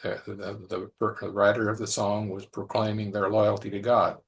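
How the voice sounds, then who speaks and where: A man's voice: fairly low pitch, level tone, moderate pace, gravelly. A man preaching a conversational sermon, musing aloud and repeating phrases as he reflects.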